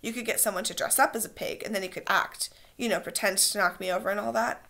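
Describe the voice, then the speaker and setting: A woman's voice: mid-range voice, fast, creaky. A woman reading aloud as a proud, combative boy who leads the hunters, speaking sharply. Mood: scheming. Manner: sharp, challenging.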